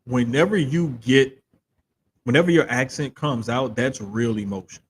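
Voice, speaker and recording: Animated man chatting on a podcast. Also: mid-range voice, a little hiss or hum. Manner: animated, drawn-out emphatic storytelling; says he controls his accent for broadcasting. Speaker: podcast co-host. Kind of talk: casual chat.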